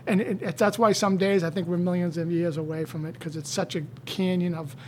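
A man in casual conversation, telling stories in an animated way. He often repeats words and gets louder as he goes. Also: high voice, a little fast, slight background noise.

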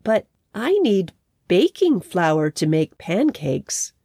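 A woman voicing a gentle, loving mother bear in a storybook, soothing in manner. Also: fairly low pitch, very animated, slow pace, vocal fry, breathy edge, dry recording, clean studio sound, full character voice. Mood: tender. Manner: warm, soothing.

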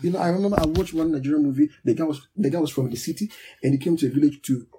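A man's voice: a little high, rapid-fire, warm tone, breathy edge. A man preaching a sermon to a congregation, emphatic and repetitive, leading a prayer line by line. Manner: emphatic, repeats key words, leads a prayer line by line. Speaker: pastor.

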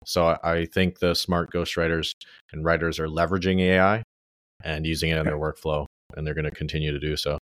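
A young man, a ghostwriter, explaining his methods in a relaxed, loose way in a casual interview. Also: low-pitched, dry recording, clean studio sound. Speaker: ghostwriter guest.

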